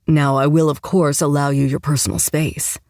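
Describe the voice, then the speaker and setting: A woman voicing a commanding, protective male enforcer who speaks in a measured, formal way for an audiobook. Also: deep voice, flat delivery, darkish tone, dry recording, studio quality. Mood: calm, firm. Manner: measured, formal, unhurried speech. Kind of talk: audiobook narration.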